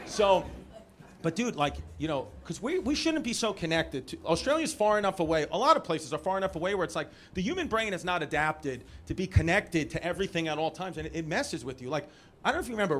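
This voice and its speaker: A man with a New York accent doing stand-up crowd work, telling loud, rowdy stories with shouted impressions. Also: high-pitched. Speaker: stand-up comedian. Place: comedy club stage. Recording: live club recording with noisy crowd. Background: crowd laughter.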